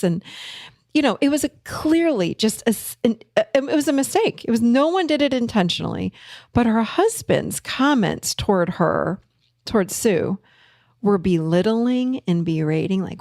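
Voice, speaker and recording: Creaky-voiced woman therapist telling stories. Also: mid-range voice, moderate pace, no echo, studio quality. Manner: storytelling, animated when quoting others. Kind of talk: casual talk.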